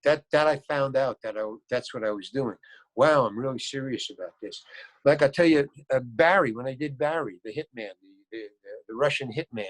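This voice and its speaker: A man's voice: mid-range voice, a little fast, dry recording, poor audio. An older man, an actor, telling rambling anecdotes in a casual interview. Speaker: actor guest.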